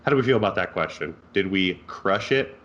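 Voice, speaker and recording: A man with a fairly low voice co-hosts a casual fitness podcast. He talks in a relaxed, easygoing way and slips jokes into his advice. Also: brisk, lo-fi sound. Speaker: co-host and fitness coach.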